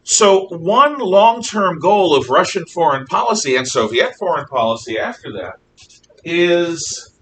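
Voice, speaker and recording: The history lecturer's voice is sing-song, unhurried, and fairly bright. His talk wanders, heavy with fillers and self-corrections, and the echoey room, faraway mic, and faint rumble color the recording.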